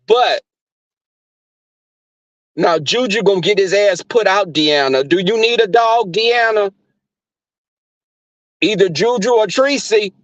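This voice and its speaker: Man, crude animated storytelling, swearing, slightly high voice, dry muffled phone stream. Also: no echo. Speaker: live streamer. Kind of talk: profane casual storytelling to live viewers. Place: at his workplace.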